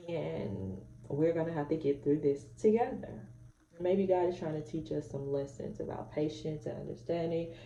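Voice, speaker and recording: A woman's voice: low-pitched, lively intonation, moderate pace, vocal fry, mellow, recorded from a distance, muffled recording. A young woman, a mother, talking to camera in a blunt, outspoken, candid way. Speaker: mom vlogger giving advice. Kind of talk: candid casual monologue. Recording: roomy echo, voice off-mic.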